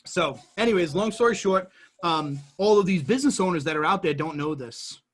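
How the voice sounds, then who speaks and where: Brief: male guest, husky tone, lively casual explainer. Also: high-pitched, a little fast. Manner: animated, jumps between everyday examples. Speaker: guest entrepreneur explaining business.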